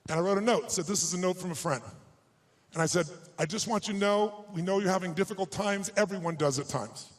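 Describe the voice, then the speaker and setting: A man giving a live motivational speech on stage, telling a personal story in an emphatic way that often swings between hushed and raised delivery. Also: high voice, fast talker, low-quality recording. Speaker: motivational speaker.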